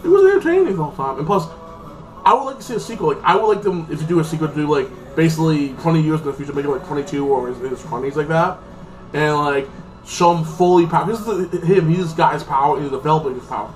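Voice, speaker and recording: This man has a voice on the high side and talks fast and expressively, rambling his way through a casual movie review. He uses "like" constantly and acts out each character. The mic is a bit far from him, and faint music plays behind.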